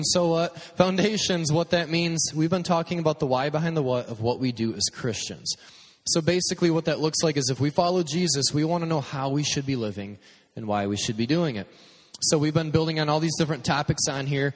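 A man's voice: on the high side, brisk. A man preaching a casual storytelling sermon as pastor, joking and acting out his own stories. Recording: long hall reverb.

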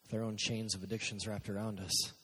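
A man's voice: fairly low pitch, flat delivery, brisk, pushed and bright, husky. A man preaching a conversational sermon to young listeners, speaking directly to them. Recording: long hall reverb.

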